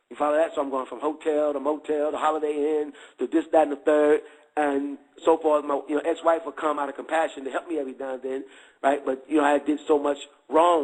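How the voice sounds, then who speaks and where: A man's voice: a little high, low-quality recording. A middle-aged man giving a candid testimony in street slang, checking again and again that listeners follow.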